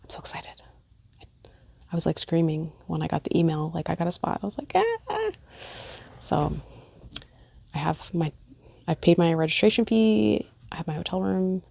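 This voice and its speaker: At home, a middle-aged cross-stitch vlogger casually shows off stitching gifts, gushing and chatty with many fillers. Her voice is lowish and darkish, with vocal fry, fairly even intonation and a slightly fast pace. There's no echo, though background noise is noticeable.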